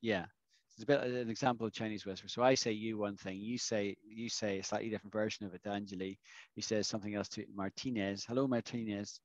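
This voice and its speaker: A man's voice: fairly low pitch, flat delivery, fast talker, dry recording. A man teaching English in a classroom, explaining patiently and often checking understanding with the students. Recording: dull lo-fi dry recording.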